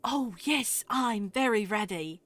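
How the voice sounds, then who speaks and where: A man's voice: very high voice, expressive, takes it slowly, sharp tone, no room sound, pitched above the performer's own voice, exaggerated voice. A woman voicing a shy, eager young male dog-person tailor in a tabletop game. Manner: timid, eager.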